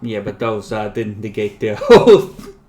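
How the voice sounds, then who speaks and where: A man running an online tabletop game as game master, joking and relaxed, swearing casually, heard over noisy voice chat. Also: on the low side, unhurried, crowd noise.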